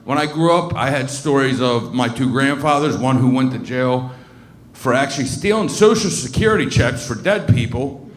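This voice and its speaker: A man's voice: medium pitch, lively intonation, moderate pace, echoey room. A man in his thirties from Baltimore doing a crude, rambling stand-up set, full of fillers and restarts. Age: 30s. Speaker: stand-up comic. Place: comedy club stage.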